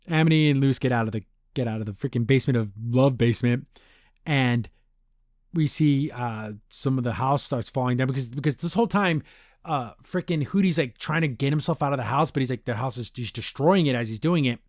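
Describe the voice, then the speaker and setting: Reviewing an episode of a cartoon, this podcast host rambles casually and often performs the characters' lines in exaggerated voices. His voice is mid-range and fairly quick, and the sound is dry and studio-clean.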